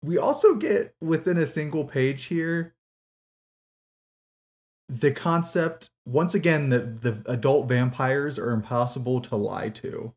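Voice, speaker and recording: A woman's voice: extremely low pitch, a little slow, a little mellow. Sarcastic, swearing woman podcaster. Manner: sarcastic, profane, incredulous. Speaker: podcast co-host. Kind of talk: casual book-critique chat.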